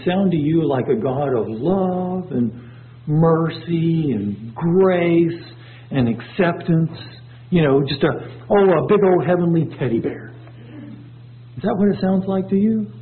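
A man preaching a sermon, his voice surging up and dropping low as he reads scripture. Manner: preaching with sudden swells and drops in pitch. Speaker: pastor. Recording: tinny phone-like low-fi recording.

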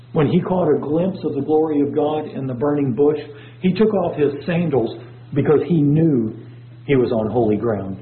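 A man preaching a sermon, his voice surging up and dropping low as he reads scripture. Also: slight background noise. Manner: preaching with sudden swells and drops in pitch. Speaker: pastor. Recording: tinny phone-like low-fi recording.

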